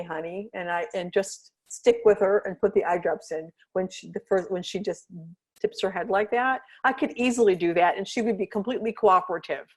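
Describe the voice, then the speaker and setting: A woman hosting a podcast as a dog trainer, talking in a casual, chatty way and often checking in with "right?" while she patiently walks through examples. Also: medium pitch. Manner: chatty, checks in often with "right?" and "you know what I mean?"; earnest, explains patiently with step-by-step examples.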